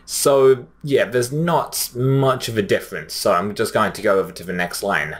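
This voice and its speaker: A young man giving casual, chatty commentary, often pausing with fillers and restarting his sentences. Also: lowish voice. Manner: chatty, frequent fillers, restarts, reads quotes plainly. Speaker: anime commentary host. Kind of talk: casual commentary comparing dub lines.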